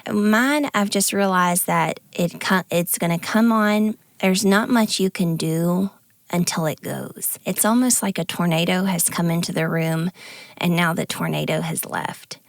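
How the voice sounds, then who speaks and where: A woman with grown kids talks on a podcast, near tears. Her voice is low and gravelly, her manner earnest and halting. The sound is dry and close. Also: no room sound. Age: adult with grown kids. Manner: earnest, emotional, halting confessional. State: tearful, near crying. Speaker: podcast co-host. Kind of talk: candid conversational podcast talk.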